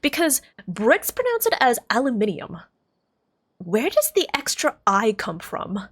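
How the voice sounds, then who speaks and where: A woman's voice: high voice, wildly swooping pitch, a little slow, a bit bright. An American woman streaming live, chatting casually and thinking aloud, often stopping to correct herself. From United States.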